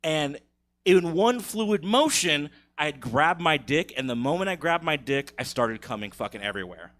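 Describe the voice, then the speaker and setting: A young man telling a profane, animated story on a comedy stage, laughing at his own jokes. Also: a little high, normal speed. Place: live comedy theater stage.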